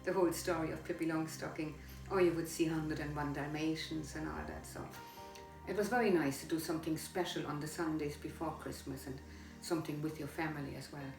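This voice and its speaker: Woman, very low voice, gentle fond memories, distant mic, roomy. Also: steady tone, brisk. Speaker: interviewee sharing memories. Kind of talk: casual reminiscing. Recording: distant, roomy, faint music behind.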